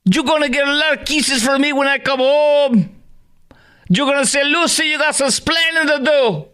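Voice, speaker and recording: A man voicing a gushing woman with an exaggerated fake Spanish accent, mocking and drawn-out. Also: very high-pitched, sharp tone, voice pushed up. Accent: put-on Spanish.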